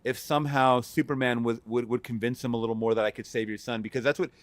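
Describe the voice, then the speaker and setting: A man's voice: mid-range voice, steady tone, fast, no echo. A man appearing as a guest on a live movie stream, chatting casually and often stumbling into stammered restarts. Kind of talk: casual movie review chat. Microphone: remote streaming mic.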